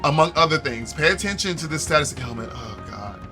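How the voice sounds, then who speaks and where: A man's voice: a little high, lively intonation, fairly quick, pushed and bright. A man streaming a video game, joking and reacting animatedly while he talks to his chat. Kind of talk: casual gameplay commentary. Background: game music.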